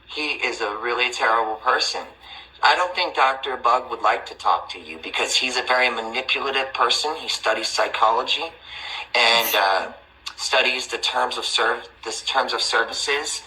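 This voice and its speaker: A man's voice: mid-range voice, moderate pace, pushed and bright, slight background noise, low-quality recording. A man hosting a livestream, talking in a rambling, defensive way with many restarts. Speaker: livestream host. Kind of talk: casual livestream chat.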